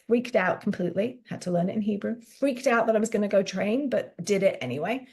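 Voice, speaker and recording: A woman fitness coach chatting in an interview. She tells her story with animation, acts out little quotes in her stories and leans on casual fillers. Her voice sits at a middling pitch. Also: lively intonation, fairly quick, darkish tone.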